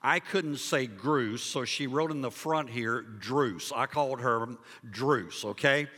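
A male pastor preaching a sermon and telling a story, moving between loud emphasis and hushed, quiet passages. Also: mid-range voice, a little slow, long reverb tail. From Liberia. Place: church sanctuary.

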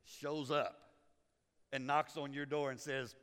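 A man's voice: mid-range voice, little pitch movement, slow, fairly bright tone, clean tone, long reverb tail. A man preaching a sermon as pastor, folksy and teasing the congregation, acting out quotes. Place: church sanctuary.

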